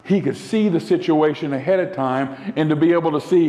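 A male pastor delivering a sermon in an earnest way, slowing down and dropping to a soft voice for emphasis. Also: fairly high pitch, creaky, muffled recording. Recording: long hall reverb.

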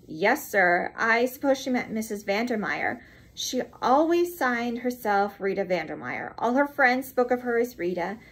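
An earnest, deferential young man who answers his superior with polite eagerness, voiced by a woman reading a novel aloud. The voice is fairly high and a little husky. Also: animated, a little slow.

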